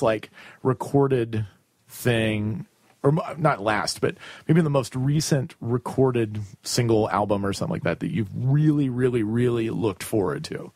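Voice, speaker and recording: A man's voice: medium pitch, no echo. A man hosting a casual music chat, talking in long rambling questions full of restarts and fillers. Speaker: podcast host interviewing a band.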